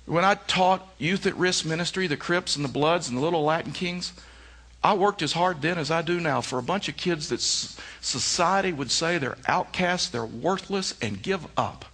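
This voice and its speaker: A man's voice: high voice, fairly bright tone, slightly rough. A middle-aged male pastor preaching a sermon, telling stories with emphatic repeated phrases. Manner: storytelling with emphatic repetition.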